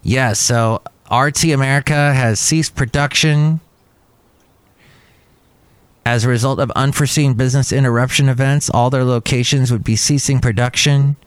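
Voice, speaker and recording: A man hosting a podcast, musing over the news in casual chat with lively asides. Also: mid-range voice, normal speed, dry recording. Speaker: podcast host.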